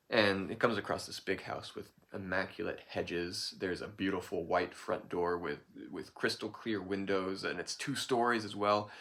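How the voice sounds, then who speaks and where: Man, storyteller, informal folk tale, improvised, lowish voice, bright tone. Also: normal speed, few pauses. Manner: relaxed, improvised, with restarts.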